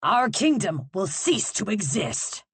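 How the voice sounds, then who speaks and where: Woman doing a booming, scheming king. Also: sing-song, slow, fairly bright tone, breathy edge, no echo, full character voice. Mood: proclaiming. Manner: booming, proclamatory. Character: scheming male king, grandly theatrical.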